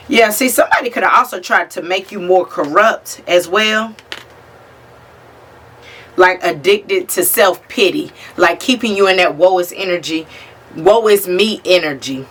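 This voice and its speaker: A woman's voice: fairly low pitch, normal speed, fairly bright tone. A woman giving a casual tarot reading straight to the viewer, talking bluntly and swearing freely. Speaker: tarot reader. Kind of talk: casual spiritual reading to camera.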